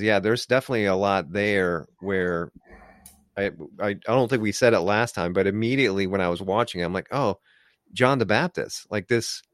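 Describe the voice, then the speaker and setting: A man's voice: sits low, no room sound, studio quality. A man co-hosting a casual discussion, rambling and full of filler words. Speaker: podcast co-host.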